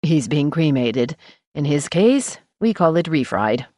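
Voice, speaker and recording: A woman doing a husky, bawdy small-town undertaker's wife. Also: low-pitched, very animated, unhurried, warm tone, dry recording, studio quality, heavily acted. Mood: sly teasing. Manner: bawdy, teasing, drawling. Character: husky bawdy middle-aged woman funeral director. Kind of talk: audiobook character voice.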